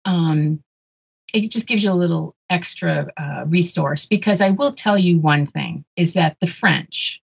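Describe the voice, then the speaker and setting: A woman's voice: lowish voice, a little slow, vocal fry, slightly rough, lo-fi sound. An older American woman chatting casually, telling stories with many restarts and asides. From United States. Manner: chatty, animated storyteller with frequent restarts. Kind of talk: casual chat.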